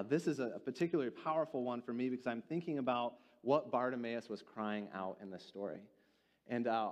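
A man preaching a sermon, reading scripture slowly and then explaining it earnestly, asking the congregation questions. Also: medium pitch, darkish tone. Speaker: pastor. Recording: church hall with long reverb.

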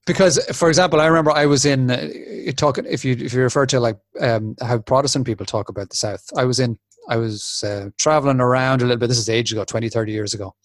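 A man's voice: medium pitch, steady tone, fast, few pauses, no room sound. A man in his fifties from the south of Ireland with an Irish accent, chatting casually and rambling with frequent self-corrections. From Republic of Ireland. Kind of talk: casual chat.

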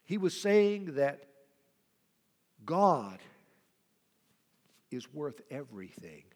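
Man preaching, gravelly, slightly high voice, loud then whispered, long hall reverb. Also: big pitch swings, extremely slow. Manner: impassioned preaching, swings from loud cries to soft whispers. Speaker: pastor. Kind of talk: sermon.

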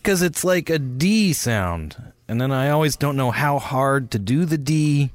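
A man's voice: medium pitch, animated, unhurried, no room sound. A man co-hosting a podcast in loose, laid-back casual chat, laughing often and swearing freely. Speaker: podcast co-host.

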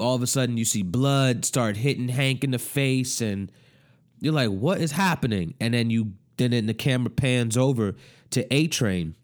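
Low-voiced young man recapping a show. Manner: animated storytelling, profane slang.

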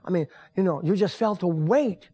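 A man's voice: sits high, moderate pace, mellow, husky. An older man, a pastor and grandfather, preaching a folksy, conversational sermon to his congregation in a church. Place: church sanctuary.

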